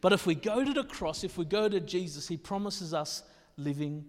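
An Australian man with a high-pitched voice preaches a sermon in an easygoing, conversational style. He often restarts and repeats his words and drops in self-deprecating asides. His voice rings out with the long reverb of a large church hall. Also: lively intonation, moderate pace.

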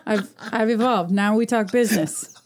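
Lively, profane woman telling stories. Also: medium pitch, moderate pace. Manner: animated, swearing storyteller who acts out voices. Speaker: podcast guest. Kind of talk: casual chat.

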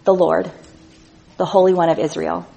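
A woman preaching a sermon, reading scripture with slow, stressed emphasis and going soft and quiet on tender lines. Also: lowish voice, flat delivery, vocal fry, highs cut off. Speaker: speaker at a church gathering.

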